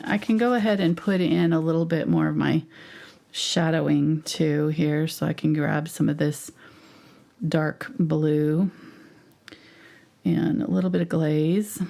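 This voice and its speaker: A woman leads a live painting lesson with a gravelly edge and a fairly low, mellow voice. She talks her thoughts through as she paints and slips into hushed, near-whispered asides. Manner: thinks aloud while painting, chatty with fillers. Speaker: painting instructor.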